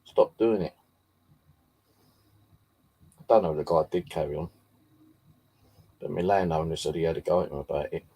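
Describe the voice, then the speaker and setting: A man's voice: extremely low pitch, fairly even intonation, fast, long pauses, mellow, husky, poor audio. A man chatting casually to camera, rambling and swearing often. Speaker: vlogger.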